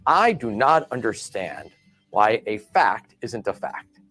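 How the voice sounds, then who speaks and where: A man's voice: fairly low pitch, very animated, takes it slowly, a bit bright, faint music behind, exaggerated voice. A man voicing a stubborn, fact-focused man insisting on his point during an argument. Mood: insistent.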